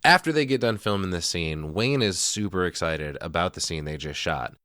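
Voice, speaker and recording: A man's voice: low voice, expressive, pushed and bright, clear, resonant tone, no echo, studio quality. A man co-hosting a podcast, talking casually and crudely through a movie scene by scene. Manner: crude, joking, quick asides. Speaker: podcast co-host. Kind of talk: casual movie breakdown chat.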